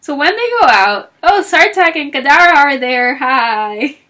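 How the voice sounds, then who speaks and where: A woman talks casually about a novel she just finished, retelling scenes and playing out characters' lines as she goes. Her voice sits a little high and swings widely in pitch. She keeps it chatty and loose, full of fillers. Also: a little slow. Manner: animated storytelling, acting out characters' lines; chatty with frequent fillers and laughs. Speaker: book reviewer. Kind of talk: casual book talk.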